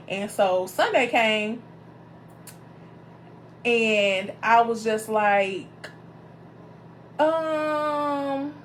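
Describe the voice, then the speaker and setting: A woman minister hosting her show, telling a personal story in a casual, animated way, calling her viewers y'all and greeting them by name as they join. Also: mid-range voice, slight background noise.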